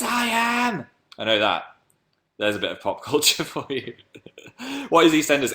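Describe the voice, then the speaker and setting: Playful young man with a slight northern accent. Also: sharp tone. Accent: slight northern English. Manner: chatty and playful, jumps into silly high voices. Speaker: livestreamer. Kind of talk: casual livestream chat answering viewer comments.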